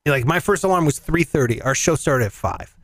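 A man hosting a show, telling a story in casual, profane, animated chat and acting out the voices in it. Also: on the high side, brisk, no room sound. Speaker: radio show host. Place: in Las Vegas.

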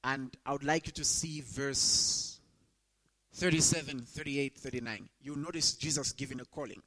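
A young adult man preaching a sermon to students, rising sharply in pitch when he quotes scripture. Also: fairly even intonation, normal speed, bright, forceful tone, rough recording. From Zambia. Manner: emphatic, rises sharply when quoting scripture.

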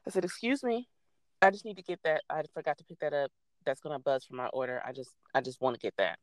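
A young adult woman casually telling a story, animated and swearing freely as she acts out what people said. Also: sits low, fast, dry recording.

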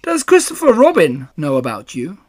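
A man reading a storybook aloud, voicing a gentle, simple-minded male teddy bear in a mild, wondering way. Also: on the high side, wildly swooping pitch, normal speed.

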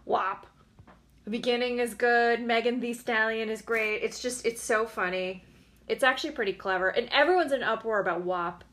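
A woman's voice: a little high, normal speed, a bit bright. Blunt, sarcastic woman ranting at home. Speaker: podcast host. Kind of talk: casual solo podcast rant.

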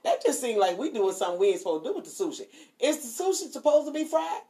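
A woman's voice: a little high, sing-song, fast talker, mellow. A woman co-hosting a casual radio chat, sassy and laughing, with preachy asides. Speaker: radio co-host.

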